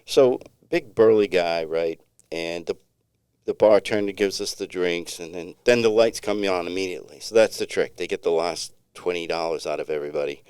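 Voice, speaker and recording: A man's voice: deep voice, normal speed, a little mellow, clear, resonant tone, no room sound, studio quality. A middle-aged man co-hosting a podcast, telling a long story in a rambling, laid-back way with many restarts. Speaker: podcast co-host. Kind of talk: casual storytelling chat.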